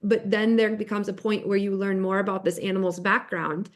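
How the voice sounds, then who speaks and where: A woman co-hosting a podcast, telling a story in casual chat, animated and quick to laugh. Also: mid-range voice. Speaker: podcast host.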